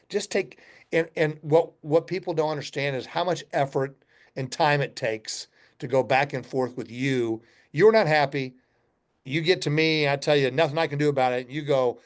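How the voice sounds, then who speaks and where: A middle-aged man, a company founder guesting on a podcast, telling blunt, folksy stories and acting out both sides of customer conversations with some swearing. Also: on the high side. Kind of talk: casual storytelling interview.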